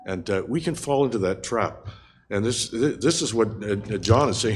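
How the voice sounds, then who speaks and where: An older man with a fairly low voice teaches a Bible passage in an unscripted sermon. He talks earnestly and haltingly, with frequent fillers and restarts. Faint ambient noise sits behind him. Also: animated.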